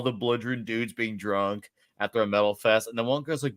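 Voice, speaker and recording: A man's voice: lowish voice, steady tone, quick pace, hardly any pauses, fairly bright tone, clean tone, dry recording. Rambling man telling a story. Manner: rambling storyteller, many fillers. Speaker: podcast co-host. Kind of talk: casual chat.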